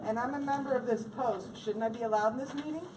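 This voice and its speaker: A woman's voice: a little high, fast, natural voice. A woman acting in a comedy skit as an indignant woman veteran who protests that she belongs in the meeting. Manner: protesting, pointed questions. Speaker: skit actor. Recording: echoey hall, distant mic, crowd noise.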